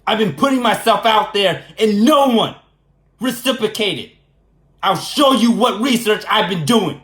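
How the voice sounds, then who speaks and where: A man ranting in a casual vlog, animated and indignant, repeating phrases for emphasis. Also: high-pitched, unhurried, echoey room. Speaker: vlogger. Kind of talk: casual storytelling rant.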